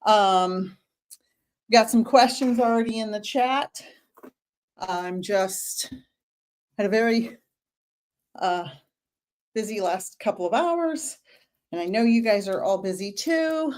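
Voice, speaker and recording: A woman's voice: medium pitch, takes it slowly, long pauses, a little mellow. A woman hosting a casual live stream Q&A as a medium, chatty and greeting viewers by name, a little out of breath.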